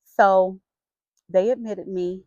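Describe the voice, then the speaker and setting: A middle-aged woman vlogger telling a personal story in a frank, chatty and expressive way. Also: mid-range voice, takes it slowly, dry recording. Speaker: vlogger sharing her health story. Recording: dull lo-fi sound.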